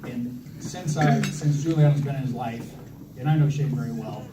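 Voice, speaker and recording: A man in his thirties with a mid-range voice, talking at normal speed, gives a wedding speech for his brother full of self-deprecating jokes, fillers, and restarts. The reception hall echoes and the distant recording carries loud crowd ambience.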